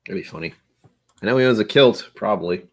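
American guy in his 40s chatting on a stream, lowish voice, goofy and rambly. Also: fast talker. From United States. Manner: rambling, joking, chuckles often. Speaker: livestream host. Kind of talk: casual livestream chat.

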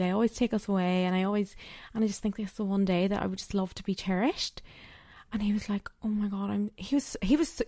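A young woman talks through her own podcast in a loose, chatty way, full of fillers, slipping into little acted-out quotes. Her voice sits at an ordinary middle pitch, recorded close and dry with no room sound. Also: creaky, no echo. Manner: chatty, frequent "like" fillers, acts out quoted dialogue. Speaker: podcast host. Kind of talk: casual solo podcast monologue.

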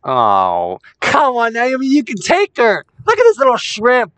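A young woman doing let's play commentary, brash, excitable and swearing often. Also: on the high side, measured pace, no echo. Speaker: gaming commentator.

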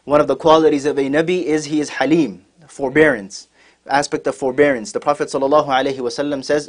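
A man delivers a sermon at a brisk, rushing pace, his voice pitched a little high. He tells the story vividly, acting out the lines of each person and weaving in Arabic quotations. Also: steady tone. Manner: acts out characters' lines, mixing in Arabic quotes. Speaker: scholar giving a talk.

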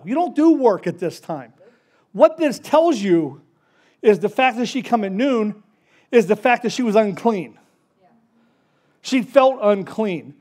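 A man preaching a casual, story-driven sermon, acting out the characters in quick voices. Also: very high voice, darkish tone. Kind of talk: conversational sermon.

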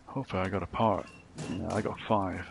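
A man giving casual let's play commentary, thinking out loud about the game as he plays. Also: low-pitched, steady tone, fairly quick, vocal fry, noisy background. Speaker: gaming channel host.

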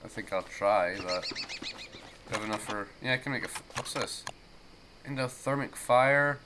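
A man from the United States rambling goofily through let's play commentary, his voice going hoarse. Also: lowish voice, moderate pace, background noise. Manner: rambling, goofy, talks to the game. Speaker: gameplay commentator.

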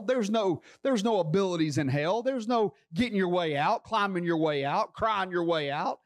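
Preacher, male, high-pitched, fervent repetitive sermon delivery that climbs into shouting, church setting. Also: expressive, moderate pace, hardly any pauses. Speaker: pastor.

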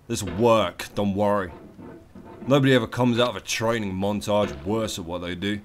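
A man doing comedic let's play commentary, profane and theatrical, yelling at the game and its maker. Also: lowish voice, normal speed.

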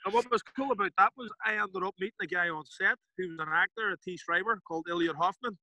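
Animated Derry-accented man telling stories. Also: high voice, fast, no echo, poor audio. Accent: Derry Northern Irish. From Northern Ireland. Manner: animated, acts out quoted voices, swears casually. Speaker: podcast guest. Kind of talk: casual storytelling interview.

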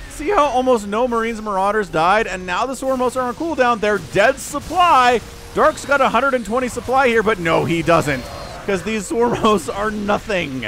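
A man doing video game commentary, animated and incredulous, laughing often and turning sarcastic. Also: high-pitched, moderate pace, creaky. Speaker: game caster.

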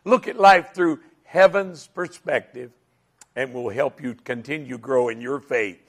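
A man teaching a Bible lesson as a sermon, earnest and measured, his voice dropping to a hush and then rising to fervent emphasis. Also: mid-range voice, slightly rough. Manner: slow, earnest, swells from hushed to fervent.

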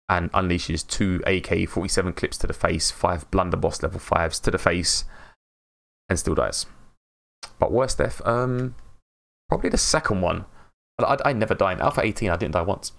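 A man's voice: low voice, fairly even intonation, normal speed, creaky. A British man live streaming a game in casual chat, mumbling and slurring his words and laughing often.

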